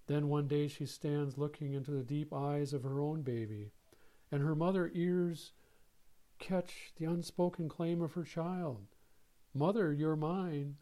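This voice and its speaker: A man preaching a sermon, reading scripture and a story in a slow, measured way with solemn pauses. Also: a little high, dark tone.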